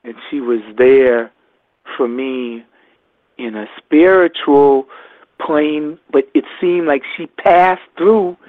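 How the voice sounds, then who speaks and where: A man's voice: on the high side, no room sound. Older man on a tinny phone line. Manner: halting, repeats his words, reflective. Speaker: guest. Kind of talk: emotional personal storytelling.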